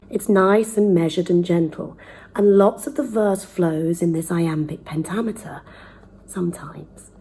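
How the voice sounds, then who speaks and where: A woman teaching children how to speak verse, with a mellow, slightly breathy voice. She talks in a lively, emphatic way, leaning on key words and now and then dropping to a near whisper. It has the feel of a friendly at-home lesson. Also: mid-range voice, low-quality recording. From United Kingdom. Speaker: drama teacher.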